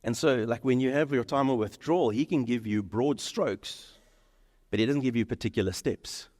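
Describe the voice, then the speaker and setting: A male pastor preaching a sermon, animated, acting out the lines of the people in his story. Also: medium pitch, moderate pace. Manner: animated, acts out dialogue in quoted voices. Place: church sanctuary. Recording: reverberant church hall.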